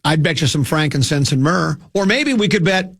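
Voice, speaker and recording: A man's voice: fairly high pitch, expressive, normal speed, gravelly, a bit bright, husky. A man hosting a sports radio show, rambling and joking in casual studio chat, restarting his sentences often. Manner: rambling, jokey, full of restarts.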